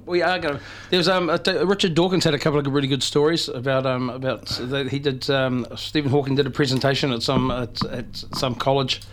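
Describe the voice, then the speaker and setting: A man's voice: medium pitch, steady tone, a little fast, few pauses. A man co-hosting a radio show, telling rambling stories full of fillers and restarts. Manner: rambling storyteller with many fillers. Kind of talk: casual banter.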